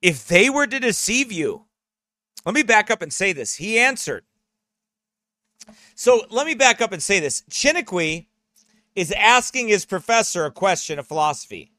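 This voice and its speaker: A man's voice: high-pitched, big pitch swings, normal speed, pauses often, pushed and bright, no echo, clean studio sound. A man who is a pastor, preaching a sermon in an earnest, emphatic way and reading aloud from a memoir.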